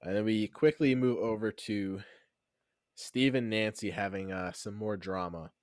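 A man's voice: fairly low pitch, fairly even intonation, a little slow, darkish tone, dry recording, clean studio sound. A man from New Jersey co-hosting a casual TV recap podcast, teasing his friends as he recaps scenes. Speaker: podcast co-host.

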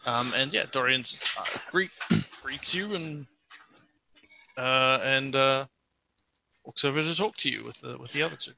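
Bright-voiced man running a tabletop game. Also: mid-range voice, measured pace, gravelly, long pauses, a little hiss or hum. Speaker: game master.

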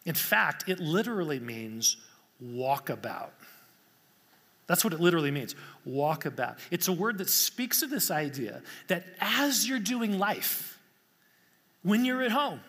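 Bright-voiced preacher in a reverberant hall. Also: male voice, fairly high pitch, unhurried, breathy edge. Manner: animated preaching, repeats key phrases for emphasis. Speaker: pastor. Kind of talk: sermon.

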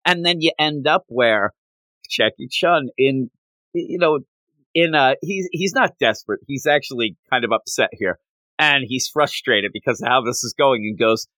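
A man co-hosting a casual podcast chat, animated and quick to act out lines from the story. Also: mid-range voice, dry recording. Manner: animated, acts out quoted characters in passing. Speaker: podcast co-host.

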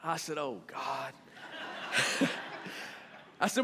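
Man pastor, animated sermon, high voice, long church-hall reverb. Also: a little slow, creaky, long pauses, slight background noise. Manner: animated and conversational, swings from loud to quiet. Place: church sanctuary.

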